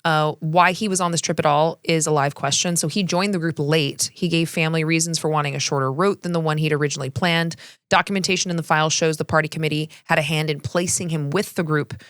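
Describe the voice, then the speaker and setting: A woman's voice: deep voice, fairly even intonation, quick pace, a bit bright, smooth, no room sound, studio quality. A woman co-hosting a podcast, reading researched history in a casual, conversational way. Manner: reads researched history conversationally, laughs often. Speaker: podcast co-host. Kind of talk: casual storytelling chat.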